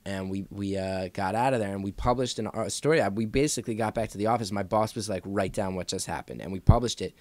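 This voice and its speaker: A man's voice: on the low side, fast, few pauses, no room sound. A man telling a long story in a casual podcast chat, acting out the people in it. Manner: animated, acts out quoted voices. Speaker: podcast guest.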